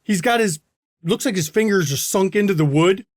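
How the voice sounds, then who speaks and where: High-voiced man running a tabletop game. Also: expressive, moderate pace, no room sound, clean studio sound. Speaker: game master.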